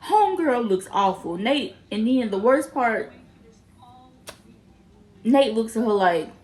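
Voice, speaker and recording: A young woman giving a casual recap of a TV episode, animated and often laughing as she acts out the characters' lines. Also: on the high side, takes it slowly, poor audio. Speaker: TV episode reviewer.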